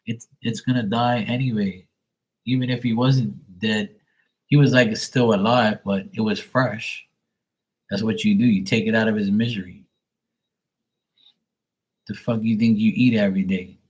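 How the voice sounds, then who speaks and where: A man's voice: on the low side, steady tone, moderate pace, pauses often. A man hosting a livestream, chatting casually and bluntly with viewers and swearing freely. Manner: profane, blunt, talks back to viewers. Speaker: livestream host.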